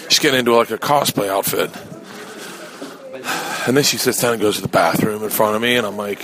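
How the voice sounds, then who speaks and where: A man's voice: fairly low pitch, fast talker, long pauses, fairly bright tone. A middle-aged man hosting a podcast, telling a rambling, profane comic story in a casual way. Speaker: podcast host. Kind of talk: comedic storytelling.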